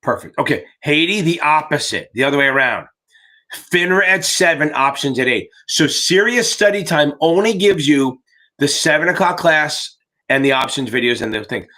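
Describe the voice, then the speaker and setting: Bright, profane middle-aged man hosting a livestream. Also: fairly high pitch, expressive, normal speed. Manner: rambling, profane, jokey. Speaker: exam tutor hosting a live Q&A. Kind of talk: casual livestream chat.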